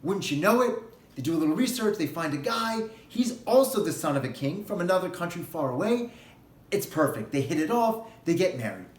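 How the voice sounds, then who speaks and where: A man who, as a rabbi, gives a holiday sermon and tells a parable in an animated storytelling way. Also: fairly high pitch, fairly quick, roomy sound.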